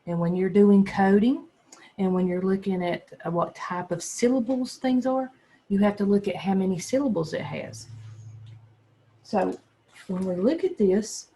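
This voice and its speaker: Teacher for a phonics lesson, mid-pitched, gravelly edge, spells letters aloud patiently. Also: mellow. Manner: patient, sounds words out slowly and spells letters. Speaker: second grade teacher. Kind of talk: phonics lesson for young children.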